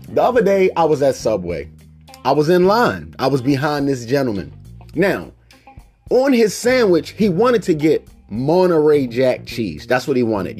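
A man's voice: mid-range voice, warm tone. A man from Baltimore, Maryland hosting a solo podcast. He tells stories animatedly, acts out the people he quotes, and rants with mock indignation. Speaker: podcast host.

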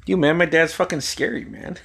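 A man's voice: on the high side, lively intonation, normal speed, vocal fry, a bit bright. A man in his forties from Alaska, telling a rambling, profane anecdote and chuckling often. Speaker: storyteller.

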